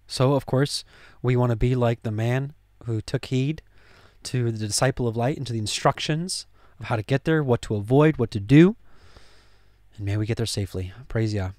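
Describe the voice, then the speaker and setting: A man's voice: medium pitch, normal speed, long pauses. A man teaches a Bible study in an easygoing, conversational way, stumbling over restarts and fillers as he thinks aloud. His voice sits in a middle range and is recorded dry and close, with no room echo. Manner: conversational, full of fillers and restarts, grows excited. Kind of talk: casual Bible study talk.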